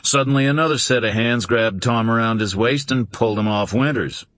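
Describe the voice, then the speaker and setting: A man narrating a suspense novel in a steady, dramatic reading. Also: mid-range voice, fairly quick, no room sound. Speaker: audiobook narrator. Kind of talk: scripted narration.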